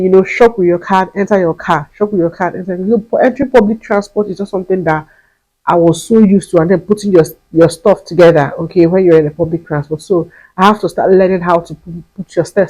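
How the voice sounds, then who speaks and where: On her vlog, a young Nigerian woman with a Nigerian accent tells a personal story, using emphatic repetition and bits of pidgin. Her voice is lowish, slightly husky and warm, she talks a little fast, and the recording quality is low.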